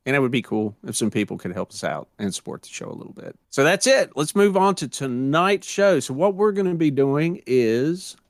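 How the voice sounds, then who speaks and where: A man's voice: on the high side, big pitch swings, a little fast, hardly any pauses, no room sound, studio quality. An American man co-hosting a podcast, chatting casually in a rambling, conversational way with plenty of fillers. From United States. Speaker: podcast co-host.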